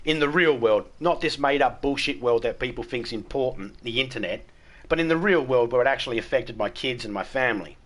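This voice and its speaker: A man's voice: mid-range voice, expressive, fairly quick, a bit bright. An Australian man chatting casually with his chat viewers during a live gaming stream, blunt and frank, swearing freely and laughing at his own jokes.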